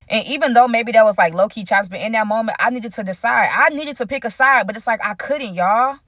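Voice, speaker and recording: A woman's voice: a little high, a little fast, few pauses, fairly bright tone, no echo. Chatty young woman telling a storytime. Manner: chatty, keeps addressing viewers directly. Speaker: vlogger. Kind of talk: storytime vlog.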